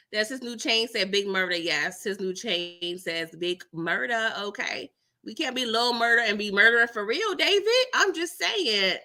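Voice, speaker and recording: A woman hosting a casual live-stream recap, animated and chatty, who laughs often and keeps tagging her lines with "okay?" and "girl". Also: mid-range voice, a little slow. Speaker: TV episode recap host.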